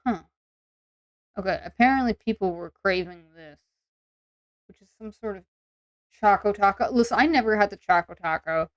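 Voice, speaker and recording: A woman's voice: mid-range voice, moderate pace, pauses often, no echo, lo-fi sound. A woman streamer in casual, rambling chat with viewers, full of fillers. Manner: chatty and rambling, many "like" and "um" fillers.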